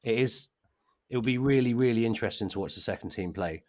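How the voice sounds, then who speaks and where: A man co-hosting a casual football podcast, talking in halting restarts. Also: medium pitch, a little mellow, no echo. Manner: hesitant restarts, chatty. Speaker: podcast co-host.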